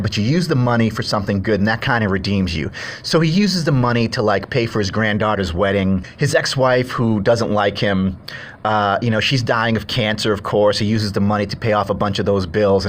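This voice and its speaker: A man's voice: on the low side, fairly bright tone. A man giving a casual, chatty movie review, retelling the story in a rambling way.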